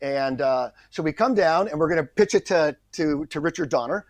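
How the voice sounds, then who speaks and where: A middle-aged man, a guest actor on a podcast, telling a story in a lively way, acting out the people he quotes and often restarting his sentences. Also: a little high, normal speed, no echo. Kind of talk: anecdotal storytelling in a podcast interview.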